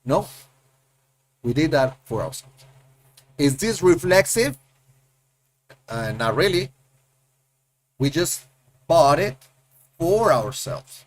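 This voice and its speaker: A man gives a casual lesson in a chatty way. He restarts sentences and asks questions he then answers himself. His voice sits a little high, with faint noise behind it. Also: takes it slowly, pauses often. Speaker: Spanish teacher.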